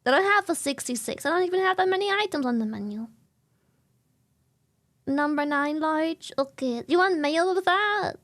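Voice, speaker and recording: A woman's voice: high-pitched, lively intonation, moderate pace, a bit bright. A woman streamer chatting casually and playfully with her viewers, with singsong asides.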